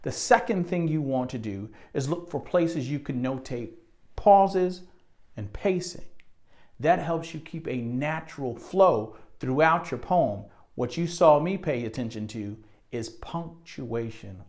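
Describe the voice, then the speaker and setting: A man coaching young students on performing poetry, explaining step by step in a friendly, encouraging way and slowing down to recite lines with lifted expression. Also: on the high side, lively intonation, a little mellow. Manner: slows and lifts his voice when reciting poem lines. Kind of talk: instructional video narration.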